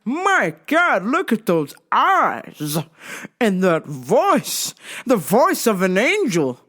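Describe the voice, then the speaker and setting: A woman voicing a flirtatious rustic man who lays on slow, gushing compliments. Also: mid-range voice, wildly swooping pitch, fairly bright tone, exaggerated voice. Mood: fawning. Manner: drawn-out, fawning compliments.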